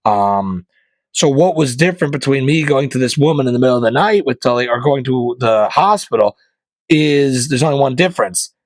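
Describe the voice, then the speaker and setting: A male podcast host rants in a comedic monologue, hammering his points home with loud bursts and then dropping to low, muttered asides. His voice sits at an ordinary middle pitch and sounds close and dry, with no room echo at all. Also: moderate pace. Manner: opinionated, emphatic, jumps between loud punchlines and low mutters.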